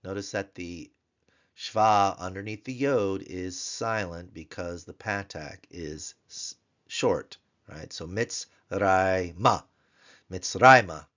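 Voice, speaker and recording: A man teaching a grammar lesson, patiently repeating each word slowly so learners can follow. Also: low-pitched, fairly bright tone, dull audio. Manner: patient, repeats words slowly for pronunciation drill. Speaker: Biblical Hebrew tutor.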